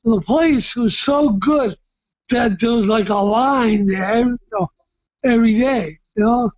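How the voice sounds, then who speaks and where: Middle-aged man, ex-boxer guest: loud, excitable, unhurried, dry close sound. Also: very high-pitched, no echo, highs cut off. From Massachusetts. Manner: loud, excitable, often shouting, with frequent restarts and repeats. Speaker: retired heavyweight boxer, guest. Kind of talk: casual storytelling interview.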